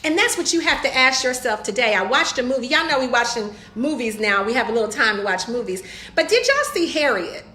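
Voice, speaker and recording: Woman, motivational coach, bright high voice, echoey room. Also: lively intonation, a little fast, slight background noise. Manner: preachy, emphatic, addresses viewers as y'all. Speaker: home business coach. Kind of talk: motivational talk to camera.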